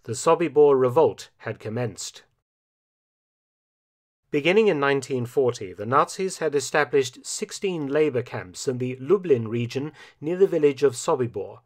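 A man reading a scripted historical narration in a measured, grave storytelling manner. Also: mid-range voice, lively intonation, darkish tone.

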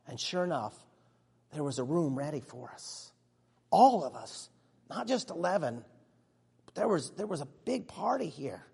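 A man playing an earnest, excitable disciple who tells his own story in a church monologue, chatty with sudden hushes and bursts. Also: on the high side, moderate pace, creaky, pauses often, slightly rough, full character voice. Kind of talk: first-person dramatic monologue. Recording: long reverb of a large hall.

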